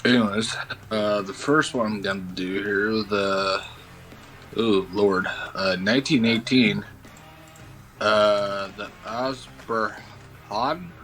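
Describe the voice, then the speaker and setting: A man's voice: lowish voice, steady tone, slow, pauses often, a bit bright, soft background music, poor audio. A young man as guest in a casual chat, stumbling over hard words and swearing casually.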